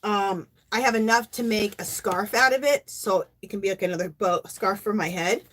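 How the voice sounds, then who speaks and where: A woman's voice: mid-range voice, moderate pace, fairly bright tone. Chatty woman rambling about crafts. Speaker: craft channel host. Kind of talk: casual show-and-tell chat.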